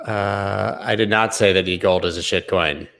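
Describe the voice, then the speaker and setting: A man with a deep, gravelly voice running a casual live stream about market charts. He wanders into sarcastic tangents, swears now and then, and chats back to his viewers. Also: steady tone, moderate pace, a bit bright. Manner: rambling and sarcastic, goes off on tangents, swears, talks to chat.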